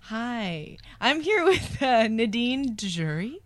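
A woman's voice: on the high side, very animated, takes it slowly, no room sound. A woman hosting a casual interview show, playful and blunt. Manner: playful, laughs often, blunt. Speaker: host.

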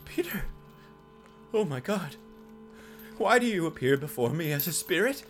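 Man, sketch comic, panicky and overwrought, swooping pitch. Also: very animated, measured pace, faint music behind. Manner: melodramatic, panicky, shrieking. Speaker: comedy sketch performer. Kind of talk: improvised comedy sketch.

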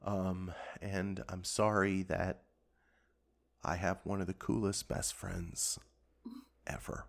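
Hesitant low-voiced man player. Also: flat delivery, slow pace, vocal fry. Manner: hesitant, full of fillers. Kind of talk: playing a tabletop game in character.

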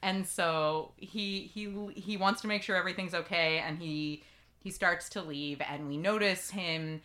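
A woman hosting a podcast, recapping a TV episode in lively casual chat and acting out lines from the scenes. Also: lowish voice, unhurried. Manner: lively storytelling, acts out quotes. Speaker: podcast host.

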